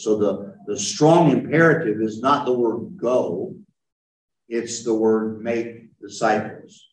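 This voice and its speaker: A pastor with a lowish voice leads a conversational Bible study, speaking slowly and answering the group's questions as he explains. The mic is far away, giving a roomy sound.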